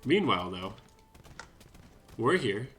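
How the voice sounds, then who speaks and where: A man's voice: fairly low pitch, sing-song, slow, a bit bright, soft background music. A man giving casual, chatty commentary over a strategy game replay, with wry self-deprecating asides. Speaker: gaming commentator.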